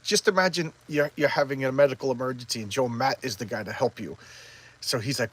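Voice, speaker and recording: A man's voice: mid-range voice, fairly quick, rough recording. Rambling man retelling a comic. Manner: rambling, excitable retelling with many restarts. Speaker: comic book reviewer. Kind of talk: casual comic review.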